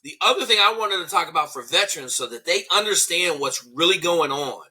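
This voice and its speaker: A man's voice: a little high, animated, a little fast, pushed and bright, slightly rough. A man in his forties, a former special operations veteran, telling blunt, profane stories in a casual panel talk. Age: 40s.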